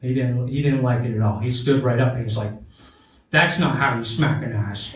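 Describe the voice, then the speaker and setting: A man's voice: medium pitch, normal speed, heavy reverb, far from the mic, heavy background noise. A man doing a stand-up comedy set, telling a crude story and checking in with "right?" along the way. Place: comedy club stage.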